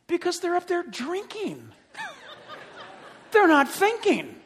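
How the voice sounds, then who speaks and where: A man preaching a sermon as pastor, animated and joking, acting out the voices of other people. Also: extremely high pitch, slow pace, gravelly, long reverb tail, a little hiss or hum.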